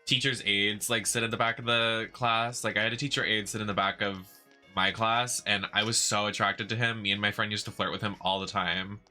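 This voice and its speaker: A man's voice: on the low side, steady tone, fairly quick, pushed and bright, soft background music. A young man from the United States who streams games and chats in a sassy, emphatic, ranting way. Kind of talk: casual chat while gaming.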